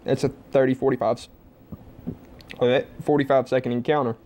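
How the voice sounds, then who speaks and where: A man's voice: mid-range voice, flat delivery, normal speed, a little mellow. A young man at home giving a blunt, heavily profane opinion monologue to camera. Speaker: vlogger.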